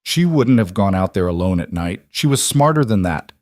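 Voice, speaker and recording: A man's voice: on the low side, normal speed, dry recording, studio quality, lightly acted. A man doing Alara, a furious vengeful woman. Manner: flat, restrained fury. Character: furious young woman seeking revenge.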